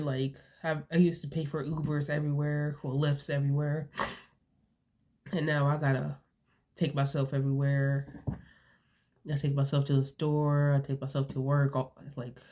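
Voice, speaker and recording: Earnest young woman vlogger, flat delivery. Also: rumbling low. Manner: earnest, repetitive, halting. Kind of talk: casual talk to camera. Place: home, indoors.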